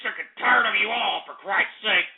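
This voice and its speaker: Man, angry call-in radio host, high gravelly voice, profane shouting, tinny lo-fi audio. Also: normal speed. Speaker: radio host taking calls. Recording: phone-like lo-fi stream audio.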